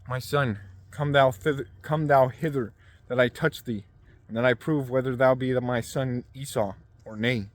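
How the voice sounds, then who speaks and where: A man reading the part of an aged blind father, solemn and measured, in a scripture reading. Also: mid-range voice, fairly even intonation, natural voice.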